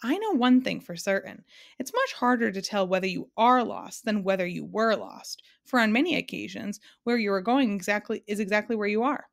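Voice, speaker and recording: A woman's voice: mid-range voice, sing-song, fairly quick, vocal fry. A woman reading aloud and voicing a muddled, fussy middle-aged man in a storybook.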